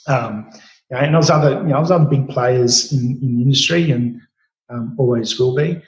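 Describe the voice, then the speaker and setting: A chef guest in his late forties with an Australian accent tells stories about his cooking career in an interview, full of fillers and restarts. His mid-range voice moves at a brisk pace, and the lo-fi recording has a roomy echo.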